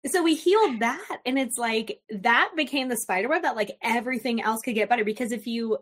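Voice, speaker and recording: A woman's voice: a little high, fairly quick, hardly any pauses. Chatty woman coach with a lightly raised voice. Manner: animated, chatty, slangy, self-deprecating. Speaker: confidence coach, guest. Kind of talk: casual interview chat.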